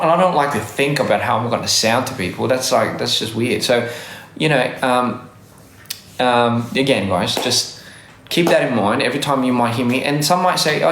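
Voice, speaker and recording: A man's voice: mid-range voice, a bit bright, reverberant. Rambling man with a faded Australian accent. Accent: Australian, worn down by years in Korea and America. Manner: rambling, self-correcting, laughs often. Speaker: livestream host. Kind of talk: casual livestream chat reading comments. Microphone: phone livestream mic.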